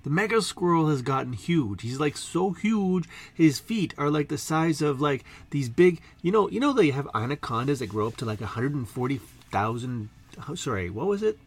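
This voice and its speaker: Speaking at a normal speed in a slightly high, sing-song voice, a man spins a silly improvised story for his stream's chat. The telling wanders and jokes, full of self-interruptions and tangents.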